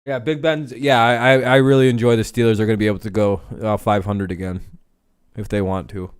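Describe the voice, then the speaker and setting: Blunt, foul-mouthed man with a smooth voice. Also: on the low side, fairly even intonation, a little fast, no echo, clean studio sound. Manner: blunt, profane, rambling. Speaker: host. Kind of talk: casual sports talk stream.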